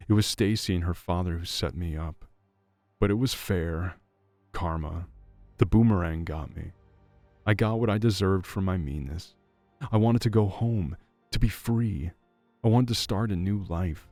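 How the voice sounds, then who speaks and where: A remorseful ex-convict father speaks with anguished self-reproach, as a male storyteller puts him on. The voice sits very low with a gravelly edge, and faint music hums behind it. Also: normal speed, darkish tone, dry recording.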